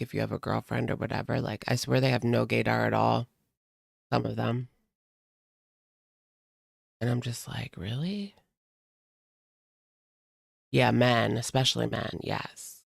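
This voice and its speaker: Chatty male streamer, heavy vocal fry, dry close sound, casual, filler-heavy. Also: mid-range voice, level tone, moderate pace, dry recording. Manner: chatty, frequent "like" fillers, laughs often. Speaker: livestream commentary host. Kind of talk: casual chat reading viewer comments.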